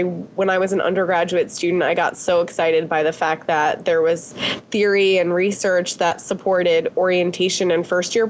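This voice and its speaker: Woman guest, New Jersey accent, a little congested, bubbly, lower voice, faint noise. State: stuffy nose, slight cough. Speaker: podcast guest, university staff. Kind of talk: casual podcast interview.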